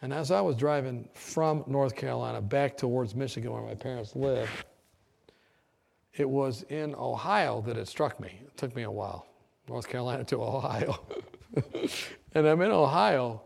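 A man preacher telling his testimony in a sermon, acting out dialogue and halting with fillers. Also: medium pitch, gravelly, a little mellow.

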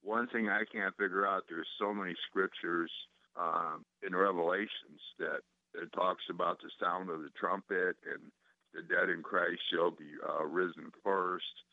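Deep-voiced caller on a tinny phone line. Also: male voice, fairly even intonation, unhurried, dry recording. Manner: hesitant, many fillers and restarts. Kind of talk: phone-in question.

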